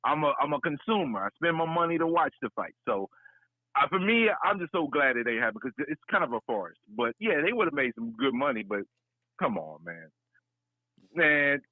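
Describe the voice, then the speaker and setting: A man's voice: a little high, very animated, normal speed, dry recording. A man calling into a boxing talk show, chatting in a laid-back, easygoing way. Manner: laid-back, chatty, calls host "Coach". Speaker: caller. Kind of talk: casual call-in boxing talk. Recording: tinny phone line.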